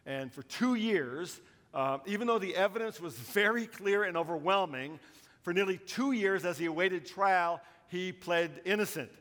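A middle-aged man preaching a sermon as a pastor, telling stories with swings between hushed and emphatic delivery. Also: sits high, normal speed. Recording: long reverb of a large hall.

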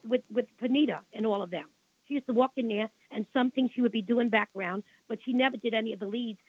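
An older woman with a Brooklyn accent, her voice a little high and slightly rough, tells long rambling stories as a guest on a radio interview. She repeats herself and sounds indignant about the past. The sound is dry with no echo, coming through a tinny phone line.

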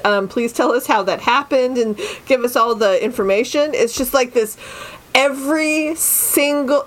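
A woman co-hosting a podcast in a casual book discussion, rambling and sardonic, swearing freely. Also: a little high. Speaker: podcast co-host.

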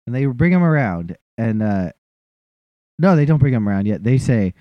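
A man's voice: medium pitch, expressive, a little fast, dry recording, dull audio. A man telling a funny, self-deprecating story in a casual chat and acting out what other people said.

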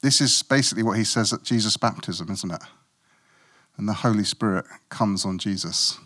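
A man's voice: lowish voice, normal speed, fairly bright tone. Middle-aged male preacher, conversational sermon, dry humour, playful asides. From Africa. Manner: conversational, self-mocking, playful asides with acted quotes.

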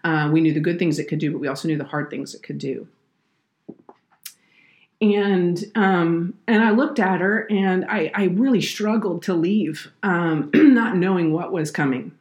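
A woman's voice: lowish voice, unhurried, darkish tone. A woman, an earnest podcast guest telling a heartfelt faith story. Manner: earnest, heartfelt, tearful at moments. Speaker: podcast guest, children's minister.

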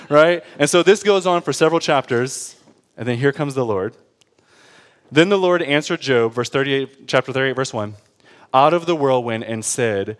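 A young man preaching a sermon in a conversational, animated way, often checking in with his listeners. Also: on the high side, moderate pace. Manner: conversational, animated, with laughs and frequent "right?". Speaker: pastor.

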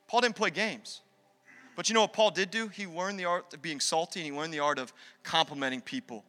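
High bright preaching man in a hall. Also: a little fast, soft background music. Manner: energetic, conversational preaching with acted asides. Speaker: pastor. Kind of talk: sermon. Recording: long hall reverb.

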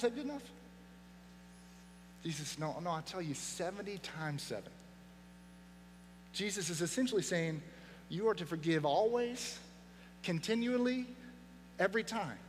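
A man preaching a sermon as pastor, earnest and emphatic, dropping his voice low for weight. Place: church sanctuary. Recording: long hall reverb, faint mains hum.

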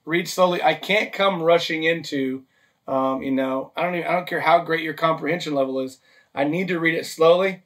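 Pastor, male, fairly high voice, conversational sermon delivery, caught a little away from the mic. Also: brisk, a bit bright, far from the mic. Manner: practical, list-driven teaching with frequent "okay?" and "right?" check-ins.

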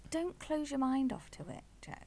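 A woman's voice: high voice, sing-song, moderate pace, dark tone, slight background noise. A woman co-hosting a casual podcast chat, chatty and teasing as she talks through food and customs. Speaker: podcast co-host. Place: home in Wales.

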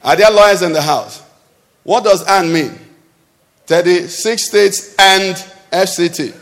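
A man's voice: high voice, unhurried, fairly bright tone. A man preaching a sermon, questioning the congregation and calling for responses. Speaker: pastor. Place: church hall. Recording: long hall reverb.

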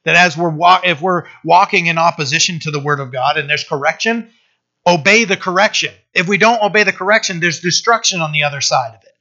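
A man's voice: fairly high pitch, a little fast, pushed and bright, dull audio. A man preaching a sermon, reading scripture aloud and explaining it in a loose, conversational way that keeps asking the room "right?".

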